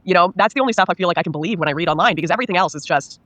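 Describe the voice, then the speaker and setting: A woman's voice: on the low side, fairly bright tone, no echo. A woman being interviewed as an author, speaking candidly and earnestly, often acting out what others told her. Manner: rapid, earnest, acts out quoted people.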